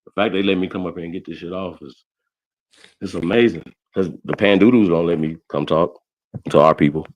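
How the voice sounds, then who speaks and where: A man with a very low voice runs a livestream roast, ranting and cursing. He repeats himself constantly, his volume rising and falling as he gets worked up. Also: fairly quick, dull audio, a little hiss or hum. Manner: loud, ranting, repeats himself, swears a lot. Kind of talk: heated profane livestream rant.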